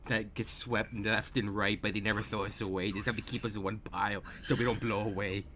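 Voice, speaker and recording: Brief: deep-ish male host, loose and rambling, faint hiss behind. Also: flat delivery, brisk. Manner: rambling, many fillers and restarts. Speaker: podcast host. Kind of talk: casual chat.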